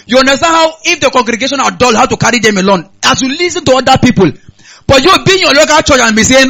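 Man, Nigerian accent, preacher, very high voice, bright tone, call-and-response sermon. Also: expressive, fast, creaky, low-quality recording. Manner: call-and-response preaching, repeating lines and asking the audience. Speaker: pastor. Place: church hall, on stage.

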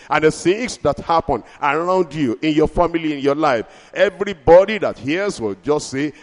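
A man preaching a sermon, building rhythmic refrains and slowing down to stress key lines. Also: a little high. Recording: long hall reverb.

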